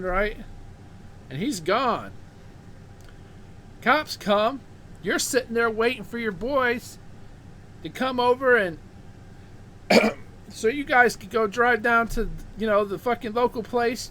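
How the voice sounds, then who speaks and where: Casting: male host with a high voice, cursing through a fired-up rant, tripping over repeated words. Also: sharp tone, a little hiss or hum. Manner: heated, profane, repeats words when worked up. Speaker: show host. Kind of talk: profane ranting monologue.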